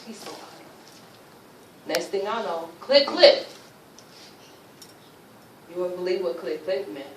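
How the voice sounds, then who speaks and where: A woman giving an emotional personal testimony at a luncheon, telling her story in animated, informal speech and acting out what people said. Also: lowish voice, takes it slowly, slight background noise. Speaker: speaker sharing a personal testimony. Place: luncheon event room. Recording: roomy, distant mic, faint ambience.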